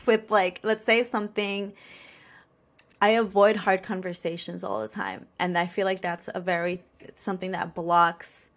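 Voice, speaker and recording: Candid, expressive young woman. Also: lowish voice. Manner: candid and expressive, acting out her own reactions. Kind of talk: casual podcast chat.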